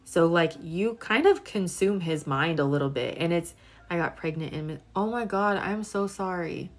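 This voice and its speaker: A woman's voice: fairly low pitch, moderate pace. A young woman in her twenties doing a casual live-stream tarot reading, chatty and full of filler words while she talks to viewers. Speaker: tarot reader.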